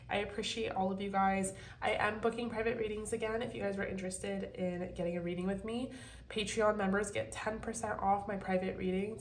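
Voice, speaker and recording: A woman's voice: mid-range voice, roomy sound, slight background noise. A young woman giving a casual tarot reading to her viewers, blunt and chatty, swearing freely. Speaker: tarot reader.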